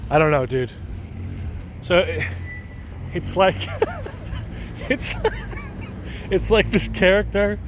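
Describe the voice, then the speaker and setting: A livestreamer's high, sing-song voice comes very slowly with long pauses as he answers viewers' messages outdoors on a city street at night. He rambles, jokes, and keeps breaking into laughter. Some chatter, faint traffic, and street ambience sit in the background.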